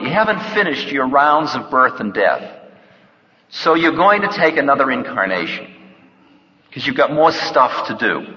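A man giving an unhurried, reflective spiritual talk, with playful acted-out bits of dialogue, in a lo-fi recording. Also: medium pitch, bright, forceful tone. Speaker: spiritual teacher. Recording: lo-fi recording in an echoey hall.

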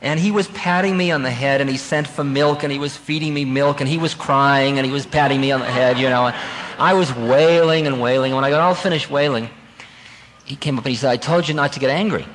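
A man giving a spiritual talk, telling a personal story in a lively, conversational way and laughing at himself now and then. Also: mid-range voice, fairly quick, in a large hall, slight background noise, poor audio. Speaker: spiritual teacher.

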